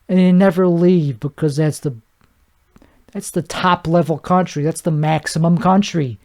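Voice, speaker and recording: A man's voice: on the high side, fairly even intonation, moderate pace, a little mellow. Rambling man riffing on a solo podcast. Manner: rambling, riffing, with mouth sound effects; frequent restarts and stammered repeats. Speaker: podcast host. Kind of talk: comedic solo podcast monologue.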